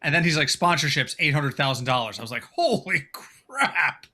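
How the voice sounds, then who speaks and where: A man co-hosting a podcast, chatting casually with wry, quick reactions. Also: medium pitch, sharp tone. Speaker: podcast co-host. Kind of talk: casual chat.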